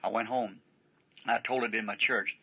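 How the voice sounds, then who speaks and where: A man's voice: fairly low pitch, steady tone, moderate pace, slightly rough. A man preaching a sermon, telling a story in a folksy, rambling way and often breaking in with "see?". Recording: dull lo-fi archival sermon tape.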